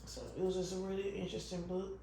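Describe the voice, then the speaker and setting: A fairly low-voiced woman chats casually and rambles, full of ums and restarts, with an occasional cough. She sounds echoey, as if in a bare room. Faint noise sits behind her. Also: level tone, quick pace, dark tone. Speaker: vlogger. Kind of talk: casual chat while crafting.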